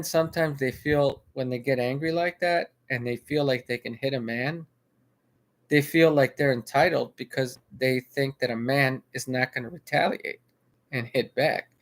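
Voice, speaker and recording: A man's voice: mid-range voice, normal speed. A man casually recounting a video he watched, rambling, restarting his sentences and repeating himself. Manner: rambling with frequent restarts and filler. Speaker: vlogger. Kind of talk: casual spoken commentary.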